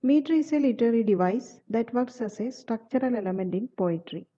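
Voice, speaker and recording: Woman teacher, scripted lesson narration, very dark mellow tone, slightly raised pitch. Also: dull audio. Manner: steady, measured reading of definitions.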